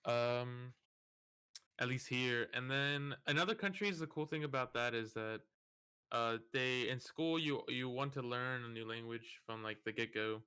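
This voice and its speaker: A man's voice: mid-range voice, measured pace, bright, forceful tone, clean tone. A young man co-hosting a podcast, laid-back and thoughtful in casual chat. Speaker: podcast co-host.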